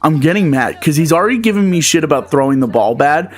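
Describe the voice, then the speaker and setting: A man's voice: on the high side, lively intonation, quick pace. A young man telling a rambling, exasperated story as a talk show host, full of swearing and filler words. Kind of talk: ranting storytelling.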